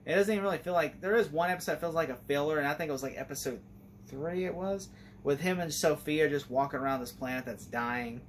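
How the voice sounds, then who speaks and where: Rambling, excited male series reviewer. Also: on the high side, a little hiss or hum. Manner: rambling and enthusiastic, heavy use of "like". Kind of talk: casual spoken review.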